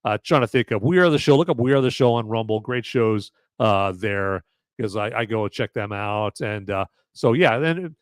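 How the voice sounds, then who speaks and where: Man, podcast host, casual rambling movie talk, lots of fillers, smooth clear voice, dry sound. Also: fairly low pitch, animated, normal speed, no room sound. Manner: rambling, many fillers and restarts. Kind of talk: live casual movie review chat.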